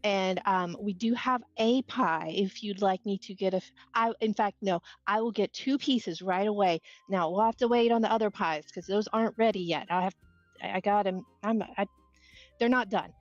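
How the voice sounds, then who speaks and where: A woman's voice: mid-range voice, moderate pace, no room sound, muffled recording, faint music behind, close to an everyday voice. A woman voicing a flustered, eager-to-please halfling woman who rambles and apologizes.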